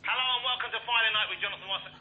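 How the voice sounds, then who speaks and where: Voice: mid-range voice, racing, muffled recording, heavy background noise, natural voice. A man voicing a chirpy male talking teddy bear toy, with a stiff, canned delivery played back through a small toy speaker.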